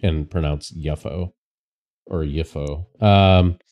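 Low, mellow-voiced man co-hosting a stream. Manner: relaxed, halting, many fillers. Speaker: streamer co-host. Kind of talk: casual livestream chat solving a crossword.

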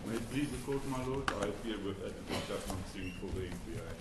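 A man, an advocate arguing formally in a courtroom, measured and deferential, with some hesitations. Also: on the low side, lively intonation, very noisy. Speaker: advocate addressing a judge.

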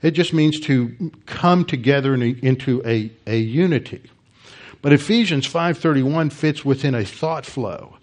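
A man's voice: medium pitch, a little slow, a little mellow. Middle-aged male pastor, mid-range voice, emphatic teaching sermon with frequent restarts. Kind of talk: expository Bible teaching sermon.

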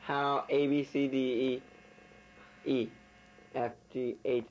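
A man at home playing charades with family, rapidly calling out guesses in casual chatter. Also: mid-range voice, flat delivery, darkish tone, slight background noise. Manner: guessing rapidly aloud, trying out words. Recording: dull lo-fi home video.

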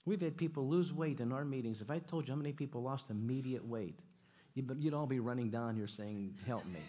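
A man preaching in a church at a middle pitch, trading jokes and stories with his congregation. He talks in an animated way, often doubling his phrases and throwing questions out to the room. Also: a little fast. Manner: animated, jokey, repeats himself, audience call-outs. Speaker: guest preacher. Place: church sanctuary.

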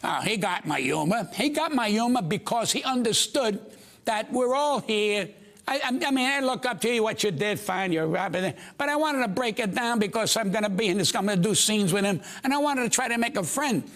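A man's voice: high-pitched, lively intonation, brisk, fairly bright tone. An older man, a comedian guest telling brash stories on a talk show and acting out the other people's voices. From United States.

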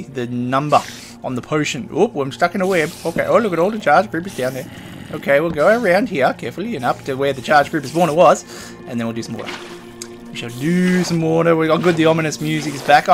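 A man's voice: fairly high pitch, fairly bright tone. A man giving casual, playful commentary over his own gameplay, chatting to the creatures on screen. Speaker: gaming video host.

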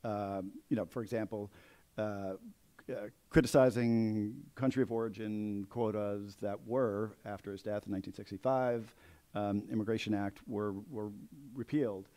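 Author guy at a bookstore talk, lowish mellow voice, lots of ums and restarts. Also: steady tone, normal speed. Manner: hesitant, many restarts and fillers. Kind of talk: conversational book interview. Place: bookstore event space.

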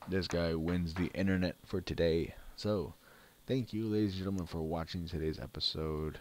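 A man's voice: deep voice, fairly even intonation, moderate pace, hardly any pauses, darkish tone, slight background noise. A man hosting his own gaming channel, giving casual commentary on a mobile card game and grumbling about bad luck.

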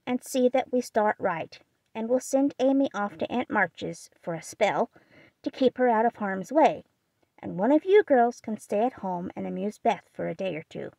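A woman voicing a brisk, motherly older housekeeper in an audiobook reading, practical and folksy in speech. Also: mid-range voice, lively intonation, creaky, a little mellow, dry recording. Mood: reassuring.

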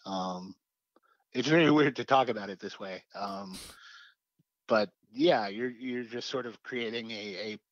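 A man's voice: fairly low pitch, unhurried, no room sound, muffled recording. A man, a comic writer being interviewed, talking casually and rambling with many fillers and restarts.

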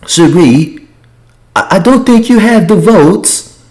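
A man voicing a woman houseguest in a squeaky falsetto with a put-on accent, heard from a distance. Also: animated, takes it slowly, a little mellow, heavily acted. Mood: warning. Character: woman houseguest delivering bad news, falsetto.

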